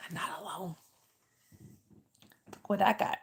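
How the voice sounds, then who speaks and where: A middle-aged woman hosts a casual livestream, greeting viewers by name and answering their chat questions in a chatty way. Her mid-range voice has a steady tone and vocal fry, and she speaks at a measured pace.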